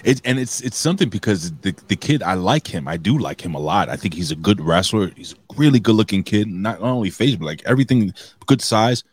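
A man's voice: lowish voice, expressive, a little fast, few pauses, husky. A man co-hosting a wrestling review podcast, talking casually and animatedly, swearing freely and restarting his sentences. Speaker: podcast co-host.

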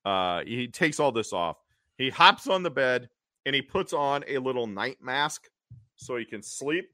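Male podcast co-host, lively and bright, dry close sound. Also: medium pitch, a little slow, no echo. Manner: animated recapping with acted quotes. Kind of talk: casual chat.

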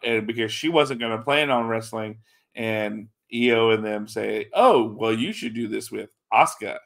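A man's voice: mid-range voice, fairly bright tone. A man hosting a podcast, casually recapping a show in a rambling, laid-back way with lots of fillers and swearing. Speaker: podcast host reviewing a wrestling show.

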